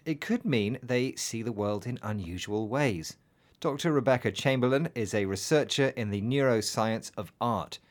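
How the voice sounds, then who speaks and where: A man co-hosting an English learning program, presenting a script steadily and quizzing his co-host. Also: on the low side.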